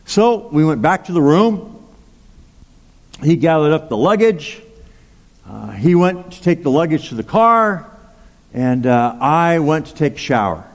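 Slow-talking preacher in a big reverberant hall. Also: male voice, on the high side. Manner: storytelling, chatty, with asides and frequent "okay?" and "right?". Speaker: pastor. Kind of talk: sermon with personal story. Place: large church hall.

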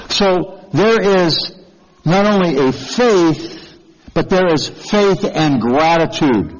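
A slow, measured male pastor preaching with an earnest tone and a slightly raised pitch. He often pauses to ask the congregation questions. His voice carries a long reverb and sounds dull, like a lo-fi recording made in a large hall. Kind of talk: sermon.

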